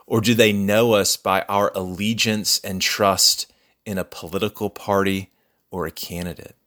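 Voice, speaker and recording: Male pastor, sermon, earnest, measured delivery, lowish voice. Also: steady tone, a bit bright. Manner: earnest, measured, repeats key phrases.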